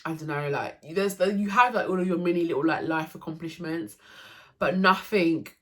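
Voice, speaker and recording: Low-voiced young woman vlogger. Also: normal speed. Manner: emotional, lots of fillers and restarts. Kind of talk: casual storytelling to camera.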